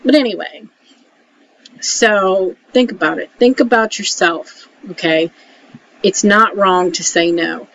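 A woman talking casually to camera, giving frank advice and often checking in with a quick "okay?". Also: lowish voice, vocal fry, fairly bright tone. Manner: chatty, keeps checking in with "okay?"; frank, mildly salty. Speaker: emotional support vlogger. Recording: dull lo-fi audio with faint hiss.

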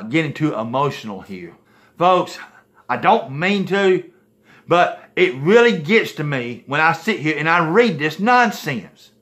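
A man's voice: on the high side, a bit bright. A man preaching to a video audience in an impassioned, emphatic way. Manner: impassioned, emphatic, repeatedly saying "folks, listen".

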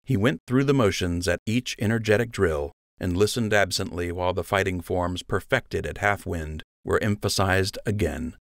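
Deep-voiced man reading a story. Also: moderate pace, vocal fry, hardly any pauses, dry recording, studio quality. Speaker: audiobook narrator. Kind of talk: scripted narration.

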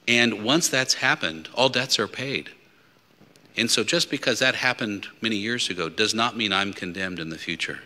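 A man's voice: lowish voice, sharp tone. A man preaching as a deacon at a Lenten mission, talking conversationally with asides and hypothetical stories. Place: church. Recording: long church reverb.

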